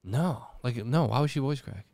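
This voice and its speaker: A man co-hosting a casual chat podcast, animated, laughing often and swearing a lot. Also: medium pitch, moderate pace, gravelly, dry recording, studio quality. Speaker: podcast co-host.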